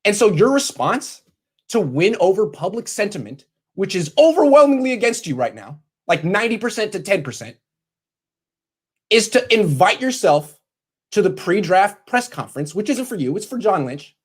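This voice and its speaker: A sports commentator rants sarcastically straight at the camera in a vlog filmed in his bedroom, mocking and scolding as he goes. His voice sits high and is slightly rough, very animated, at a moderate pace.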